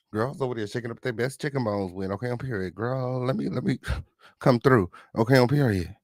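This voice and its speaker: A man hosting a casual livestream, greeting viewers with flamboyant, sing-song shout-outs and sassy, profane chatter. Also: mid-range voice, no room sound, studio quality. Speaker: livestream host.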